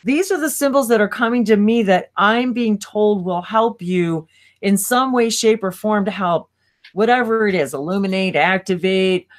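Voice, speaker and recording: Rambling woman chatting on a live stream. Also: medium pitch. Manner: rambling, self-interrupting, quick laughs. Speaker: co-host of a live spiritual stream. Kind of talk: casual live-stream chat.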